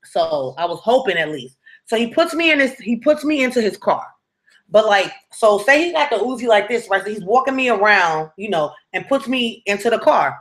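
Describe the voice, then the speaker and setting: A young woman recounting her past with a bright, forceful voice. She tells it dramatically and keeps checking in with the viewer as she goes. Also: medium pitch, animated, normal speed. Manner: dramatic and conversational, with frequent tag questions to the viewer. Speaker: storytime vlogger. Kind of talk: casual storytelling.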